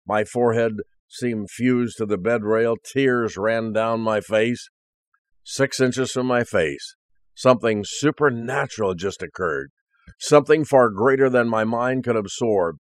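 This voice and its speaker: A man's voice: medium pitch, unhurried, dry recording, studio quality. A male preacher earnestly reading a first-person story aloud as part of a sermon.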